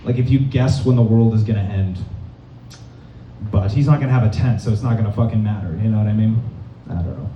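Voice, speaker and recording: A young man from Massachusetts doing a rambling stand-up set in a comedy club, deadpan and full of fillers. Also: on the low side, fast talker, a little hiss or hum. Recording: dull, roomy, distant club recording.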